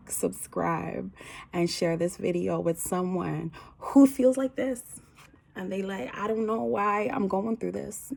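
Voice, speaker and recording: A woman's voice: mid-range voice, creaky, darkish tone, slightly rough. A woman delivering a spiritual message to her viewers, reassuring and emphatic, sometimes dropping to a whisper. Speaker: spiritual reader.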